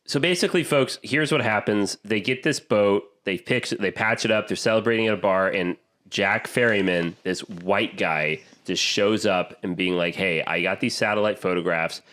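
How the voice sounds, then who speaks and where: A man hosting a podcast in casual chat, telling a film's plot in a lively, animated way with quick asides. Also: on the low side. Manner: animated storytelling, quick asides, acts out quotes. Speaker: podcast host.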